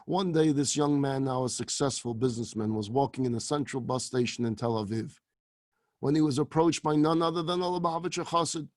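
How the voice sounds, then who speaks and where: A middle-aged man, a rabbi, telling a story in a lecture, animated and acting out the dialogue. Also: mid-range voice, a little fast, no room sound.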